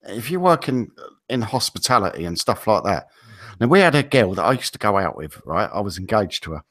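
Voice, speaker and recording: A man with an English accent co-hosts a casual talk show, animatedly telling long, rambling stories amid podcast banter. His voice is on the low side and brisk.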